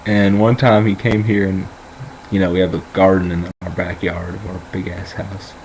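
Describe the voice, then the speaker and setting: A young man rambles through a casual vlog, cracking jokes and boasting as he goes. His voice is very deep. A faint hiss sits under the recording. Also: little pitch movement, moderate pace, darkish tone, rough recording.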